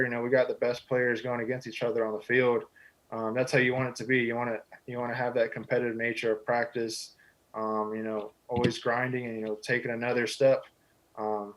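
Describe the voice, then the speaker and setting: A man's voice: medium pitch, flat delivery, brisk, a bit bright, low-quality recording. Easygoing young man full of fillers. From Texas. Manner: easygoing, humble, heavy on "you know" fillers. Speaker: guest, football quarterback. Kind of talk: casual interview answers.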